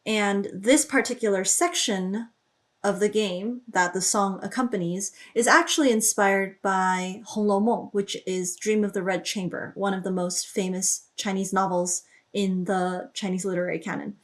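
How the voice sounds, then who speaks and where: A woman's voice: steady tone, normal speed. Lady teacher going thru song lyrics one by one, chatty and easygoing, lots of um and uh, voice goes up when she reads the lines. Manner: thinks aloud with fillers, lifts pitch when reading lyrics. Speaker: language teacher. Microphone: studio microphone.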